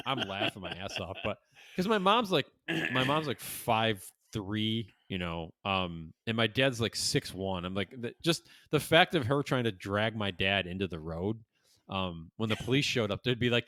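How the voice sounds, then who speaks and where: A man's voice: lowish voice, a bit bright, no echo, clean studio sound. A middle-aged man co-hosting a casual podcast chat, telling stories with acted-out quotes and plenty of swearing. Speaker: podcast co-host.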